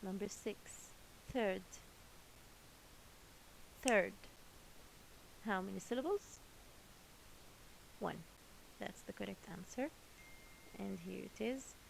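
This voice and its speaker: A woman's voice: medium pitch, slow, vocal fry, pauses often, a little hiss or hum, rough recording. A woman teaching a children's English lesson, patiently repeating each word twice.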